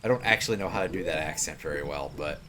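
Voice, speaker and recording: A man's voice: rumbling low, fast talker, noisy background. A man in his thirties chatting casually while streaming a video game, joking and laughing at himself. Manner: jokey, self-deprecating, laughs often.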